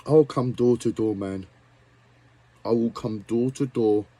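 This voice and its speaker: A man's voice: medium pitch, a little slow, mellow, dry recording. A man ranting angrily at his viewers, swearing often and firing off rhetorical questions. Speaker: musician vlogger. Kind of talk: angry rant to camera.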